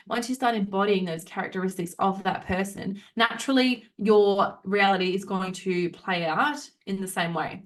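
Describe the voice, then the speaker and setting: A young adult woman hosting a solo motivational podcast, talking frankly and swearing freely as she acts out the voices in people's heads. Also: mid-range voice. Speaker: podcast host.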